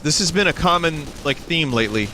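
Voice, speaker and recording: A man's voice: on the high side, expressive, fairly quick, sharp tone, slight background noise. A man streaming a video game, chatting casually and jokingly, with rambling, self-interrupting talk into a desk microphone. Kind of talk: casual gaming livestream chat.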